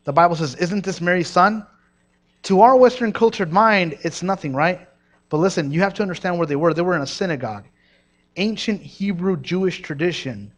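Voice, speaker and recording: A young man delivers a lively sermon in a slightly raised voice. He tells stories from his childhood in Mexico, stumbles and restarts, and turns to the people in the pews with asides. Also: on the high side. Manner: energetic, storytelling, with many restarts and asides to the congregation. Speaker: preacher.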